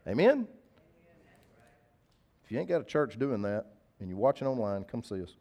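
A man preaching a sermon, telling a personal story in a conversational, emphatic way and repeating key phrases. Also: mid-range voice. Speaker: pastor.

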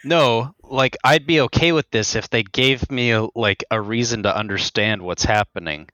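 Bright-voiced young man, chatty commentary. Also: mid-range voice, normal speed, no echo. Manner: chatty, frequent "like" fillers, quotes characters sarcastically. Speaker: film commentary co-host. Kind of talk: casual movie commentary chat.

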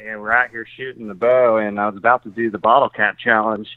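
Excited male caller on a tinny, dry phone line. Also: on the low side, fast, no room sound. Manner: excited, laughing. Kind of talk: casual chat.

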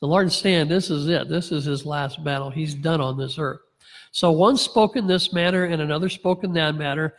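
A man preaching a sermon, his voice sitting a bit higher than most men's. He reads scripture aloud and acts out the lines with dry, sarcastic humor. A long reverb trails behind him, as in a large hall. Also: normal speed. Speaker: pastor.

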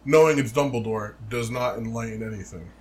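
A man's voice: medium pitch, a little fast. A man co-hosting a podcast, recapping a chapter in a dry, joking way. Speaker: podcast co-host. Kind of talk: casual chat about a book.

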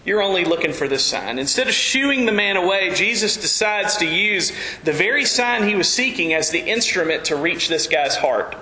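A man preaching an earnest, animated sermon as pastor. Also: sits high, moderate pace, few pauses, echoey room, low-quality recording.

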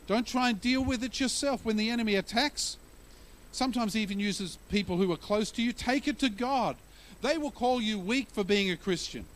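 A man's voice: sits high, normal speed. A male pastor preaching a sermon in a conversational way, telling stories and using humor to explain scripture.

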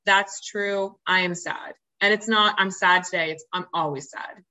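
A woman's voice: mid-range voice, steady tone, measured pace, pushed and bright, rough recording. A woman who is a podcast guest, telling her personal story openly and earnestly, with many fillers and restarts. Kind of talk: candid personal storytelling in interview.

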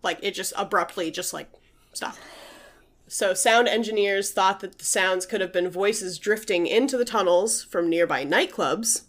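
A woman's voice: mid-range voice, measured pace. A woman co-hosting a podcast, casually telling a ghost story with lots of fillers. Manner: chatty, uses many fillers, reads out quotes. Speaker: podcast co-host.

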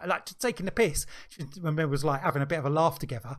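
Middle-aged man, casual podcast chat, slightly high voice, storytelling. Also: quick pace, few pauses. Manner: animated storyteller, acts out quoted dialogue. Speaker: podcast co-host.

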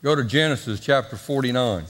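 A man's voice: medium pitch, brisk, big-room sound. A man preaching a sermon, leading call-and-response and drawing out his phrases for drama. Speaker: pastor.

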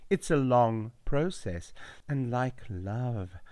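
Soft-spoken diva in a storybook reading, quietly insistent, voiced by a man, close and dry. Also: medium pitch, expressive, takes it slowly, no echo. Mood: hushed. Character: softly smug female pop star.

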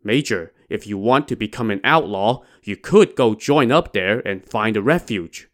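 A man's voice: lowish voice, animated, normal speed, natural voice. A man playing a chatty villager giving tips. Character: helpful male villager giving advice.

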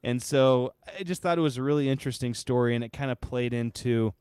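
A podcast co-host rambles through a casual chat, full of restarts and fillers, speaking quickly in a mid-range, slightly mellow, clean voice. The studio recording is clean, with no room sound.

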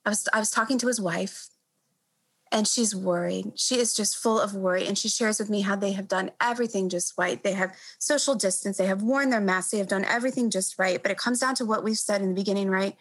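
A woman doctor in her thirties answering an interview question reflectively, earnest and halting, often repeating words as she gathers her thoughts. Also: medium pitch, fairly bright tone, poor audio.

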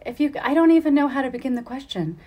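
Enthusiastic woman interviewer, fairly high voice. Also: expressive, quick pace, lo-fi sound. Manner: enthusiastic, laughs often. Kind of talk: casual interview.

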